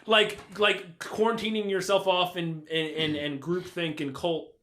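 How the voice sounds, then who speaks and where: A man's voice: sits high, measured pace. A man co-hosting a casual movie review podcast, ranting in disbelief and swearing freely. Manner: animated, swearing, incredulous ranting. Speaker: podcast co-host.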